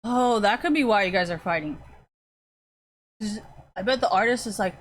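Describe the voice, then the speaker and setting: A woman's voice: medium pitch, normal speed, pauses often, a little hiss or hum. A woman streamer chatting casually with viewers, rambling and swearing often, with lots of fillers. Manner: rambling, profane, frequent fillers. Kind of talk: casual chat.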